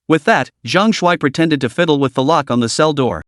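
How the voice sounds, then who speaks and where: A man's voice: on the high side, expressive, brisk, few pauses, no echo, studio quality. A man narrating a story recap in a scripted, dramatic storytelling manner.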